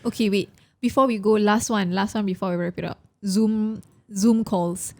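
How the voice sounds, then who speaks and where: Young Singaporean woman, podcast co-host, mellow tone, emotional and chatty, slips into Malay. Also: medium pitch, steady tone, normal speed. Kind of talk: casual chat.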